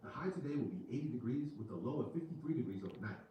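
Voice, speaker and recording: A man's voice: mid-range voice, lively intonation, rapid-fire, distant mic, lo-fi sound, a little hiss or hum. Upbeat synthetic male assistant voice, echoey. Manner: polite, upbeat assistant delivery. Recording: echoey smart speaker heard from across the room.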